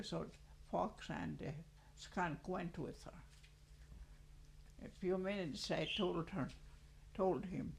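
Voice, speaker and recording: An elderly grandmother tells a traditional tale in a slow, halting manner. Her voice is gravelly and unhurried. A steady hiss runs under this old field recording. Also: on the low side. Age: older. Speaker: storyteller. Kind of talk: traditional storytelling and chanted song.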